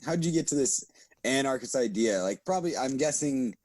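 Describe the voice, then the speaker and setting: A man's voice: medium pitch, lively intonation, fairly quick, a little mellow, dry recording. A man hosting a podcast, chatting casually and telling rambling stories, often through laughter. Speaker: podcast host. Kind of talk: casual chat.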